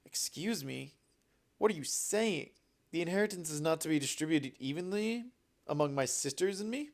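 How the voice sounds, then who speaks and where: A man voicing the narrator's indignant middle-aged father, loud and outraged. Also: on the high side, animated, normal speed, vocal fry, voice pushed up.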